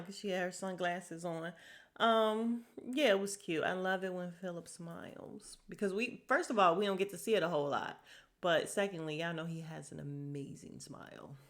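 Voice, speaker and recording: A woman's voice: medium pitch, moderate pace, a bit bright. A woman hosting a podcast, recapping a reality show episode in a sassy, chatty way and laughing often. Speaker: podcast host.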